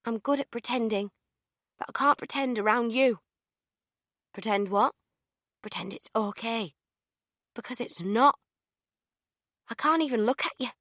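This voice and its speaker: A woman's voice: a little high, a little slow, long pauses, a bit bright, no echo, studio quality, voice pushed up. A woman reading an audiobook, voicing an anxious young woman who pleads and turns tearful. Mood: distraught. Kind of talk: audiobook character voice.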